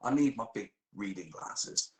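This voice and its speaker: A man's voice: fairly low pitch, animated, unhurried, echoey room, poor audio. A man telling a comic story during role-play, swearing a lot and laughing as he goes.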